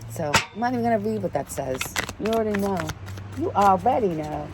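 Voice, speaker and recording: A woman's voice: mid-range voice, expressive, a little fast, noisy background. A woman giving a casual spiritual card reading in a preachy, emphatic way, repeating her key phrases. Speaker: tarot card reader.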